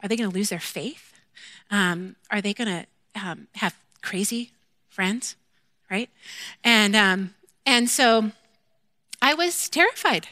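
A woman gives a personal faith testimony in a bright, ringing voice. She is candid and self-deprecating and acts out her own quoted lines with lively animation. The recording is dry and close. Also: mid-range voice, slow pace, long pauses, dry recording. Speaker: mother sharing a faith testimony.

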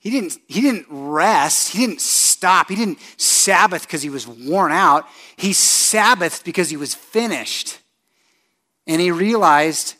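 An animated male pastor in full sermon mode, his fairly high voice dropping to a hush and then surging loud. He keeps putting direct questions to the congregation. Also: slow pace. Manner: animated, shifts from hushed to loud emphasis.

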